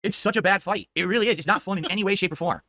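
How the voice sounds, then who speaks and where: A man's voice: high-pitched, racing, dry recording. A man streaming a game, ranting and swearing constantly about how bad it is. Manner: ranting, heavily profane, complaining. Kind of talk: live gameplay commentary. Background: loud game music.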